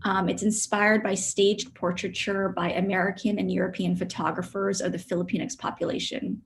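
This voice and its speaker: A woman artist presenting her work on a video call, soft-spoken and reflective, with frequent ums. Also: mid-range voice, flat delivery, moderate pace, vocal fry. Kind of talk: virtual studio visit presentation.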